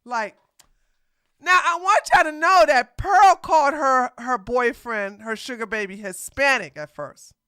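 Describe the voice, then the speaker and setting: A woman's voice: sits high, lively intonation, moderate pace, few pauses, sharp tone, clean tone, dry recording, clean studio sound. A woman hosting casual reaction commentary. She is blunt and sassy and laughs often. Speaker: commentary host.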